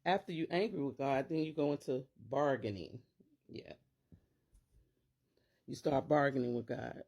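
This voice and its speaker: A woman's voice: extremely low pitch, unhurried, creaky, a little mellow, breathy edge. A middle-aged woman, a teacher and parent, talking casually to camera and acting out worried inner voices in quotes.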